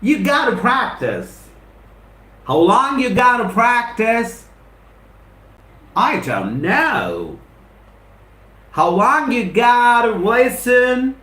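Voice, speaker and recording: A man's voice: very high-pitched, lively intonation, takes it slowly, pushed and bright. Indian english guy teaching on a live stream, emphatic and repetitive, echoey room. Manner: repetitive, emphatic motivational delivery; greets viewers by name. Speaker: spoken English trainer.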